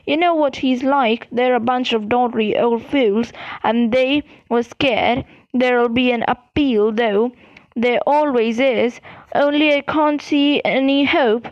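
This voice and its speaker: A woman's voice: fairly high pitch, fairly even intonation, slow pace, no echo. A woman voicing an upset, earnest teenage schoolgirl witch in a storybook reading, over a dull lo-fi recording.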